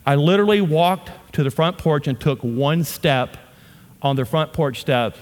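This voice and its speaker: A man preaching a sermon and telling a story, moving between loud, animated bursts and hushed asides. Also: fairly high pitch, unhurried, big-room sound. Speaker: pastor.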